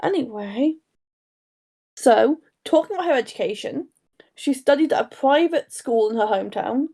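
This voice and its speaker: A young woman co-hosts a casual true crime podcast, rambling and cutting into her own story. Her high-pitched voice is expressive and warm, moving at a moderate pace.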